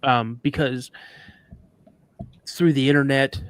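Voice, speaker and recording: A man's voice: medium pitch, slow pace, smooth, no room sound. A man, a guest recounting a frightening encounter, acting out the voices of others and getting emotional. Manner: animated retelling with quoted dialogue, emotional. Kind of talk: emotional storytelling on a live show.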